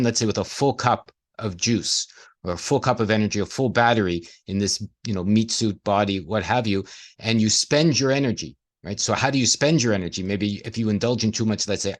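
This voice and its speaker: A man in casual conversation, talking reflectively and playing on the sounds of words. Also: lowish voice.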